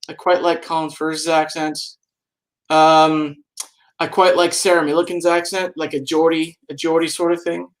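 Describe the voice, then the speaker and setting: Chatty man with a fairly high voice. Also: flat delivery, moderate pace. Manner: chatty and playful, rambling and humming to himself. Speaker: podcast co-host. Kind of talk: casual live-stream chat.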